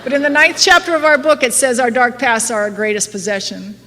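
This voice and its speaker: A woman's voice: a little high, steady tone, fairly quick, bright, forceful tone. A middle-aged woman giving a candid, self-mocking recovery talk to a live audience, laughing often. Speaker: AA speaker. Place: meeting hall before an audience. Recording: live hall with long reverb, faint noise.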